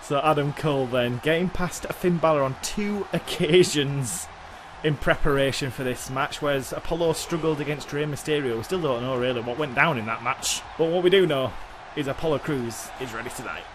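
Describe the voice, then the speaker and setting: A man's voice: medium pitch, moderate pace, background noise. A man co-hosting a wrestling video game, teasing his partner and calling the action in a mock announcer style. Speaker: gaming co-host. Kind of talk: playful wrestling-game commentary.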